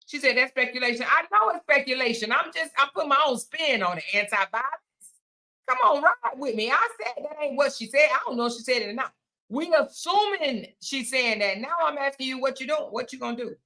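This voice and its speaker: A woman hosting a casual chat, reading viewer comments aloud and reacting in a lively, teasing way with frequent laughter. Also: high-pitched, brisk. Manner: animated, teasing, laughs often, playful asides.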